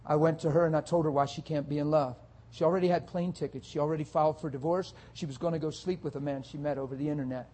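A male pastor preaching a sermon, dropping soft and low at times and building to loud, rapid rhetorical questions. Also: fairly even intonation. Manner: swings from soft and low to loud, high-pitched exhortation.

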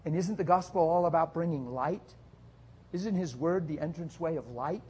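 A male pastor preaching a sermon, dropping soft and low at times and building to loud, rapid rhetorical questions. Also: husky. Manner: swings from soft and low to loud, high-pitched exhortation.

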